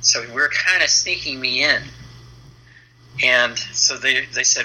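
With long pauses and a measured pace, a medium-pitched man in his fifties recounts an anecdote as an interview guest. He letters comic books and brings the story to life by performing the quoted lines. The recording is rough.

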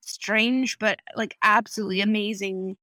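A woman's voice: mid-range voice, steady tone, normal speed, bright, forceful tone, dry recording. A woman hosting a podcast interview, affirming and reflective as she responds to her guest. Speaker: podcast host and medium. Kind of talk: conversational interview.

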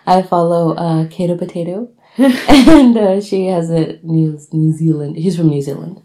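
A woman's voice: fairly low pitch, unhurried. A young woman co-hosting a podcast, chatting casually and giggling as she retells a legend. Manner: giggly, relaxed, with fillers. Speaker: podcast co-host. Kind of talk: casual chat, telling a legend.

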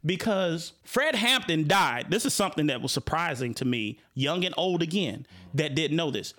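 A man's voice: on the high side, sing-song, moderate pace, few pauses, fairly bright tone. A man with a Chicago accent hosting a casual talk show, speaking animatedly with frequent repeated words and restarts. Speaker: host.

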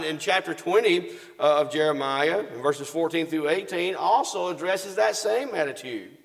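A man's voice: on the high side, vocal fry, fairly bright tone, long reverb tail. A man preaching a sermon, reading scripture aloud and asking the congregation questions that he answers himself.

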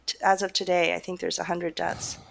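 A woman's voice: fairly low pitch, little pitch movement, fairly quick, gravelly. A middle-aged woman talking casually as a guest, laughing often and rambling with many fillers. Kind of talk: casual conversation.

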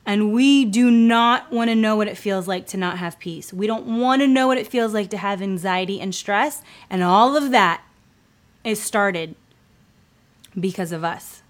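A woman's voice: mid-range voice, measured pace. A woman in her thirties, a homeschooling mother, giving earnest, conversational faith-based advice with frequent fillers.

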